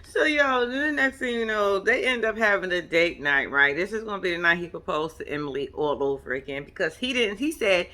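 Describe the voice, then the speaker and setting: Brief: lively woman vlogger, casual profane recap with lots of laughs, sharp bright tone. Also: mid-range voice, fairly quick. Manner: animated, profane, laughing commentary. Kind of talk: casual chat.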